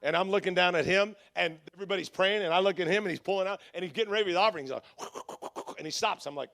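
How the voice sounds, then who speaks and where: High-voiced animated male preacher. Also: very fast, creaky. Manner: animated storytelling, acts out voices. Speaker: pastor. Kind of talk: conference sermon.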